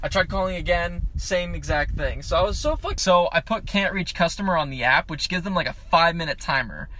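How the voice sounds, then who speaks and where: A young man who drives for food delivery, telling a profane, animated story about a late-night drop-off, recorded on a handheld phone outdoors at night. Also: fairly high pitch, fairly quick, slight background noise. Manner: profane, animated retelling with laughs. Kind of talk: casual storytelling vlog. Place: outdoors at night near apartment buildings.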